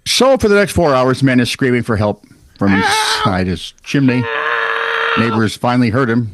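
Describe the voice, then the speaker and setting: Animated wry man telling odd news. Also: medium pitch, moderate pace, very noisy. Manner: wry storyteller, animated, trails off and restarts. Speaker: podcast co-host reading news stories. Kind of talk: casual comedic news chat.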